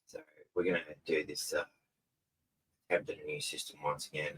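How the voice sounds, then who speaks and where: Low-voiced laid-back Australian man. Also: level tone, brisk, a bit bright, recorded from a distance, a little hiss or hum, poor audio. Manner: rambling, laid-back, swears casually. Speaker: host. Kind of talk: casual live-stream commentary. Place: home room in front of a TV. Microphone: camera mic set back from him.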